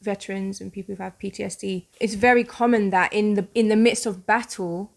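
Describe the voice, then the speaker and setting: A British woman in casual conversation about a TV episode, her voice sitting at an ordinary middle pitch. She talks ideas through carefully and at length, with a reflective, analytical manner. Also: steady tone, brisk, creaky. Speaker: reaction channel co-host. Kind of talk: casual reaction chat.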